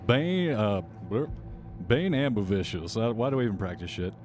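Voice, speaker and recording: Brisk deep-voiced male game master. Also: big pitch swings, over music. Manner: brisk, joking, coarse asides. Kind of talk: running a tabletop game.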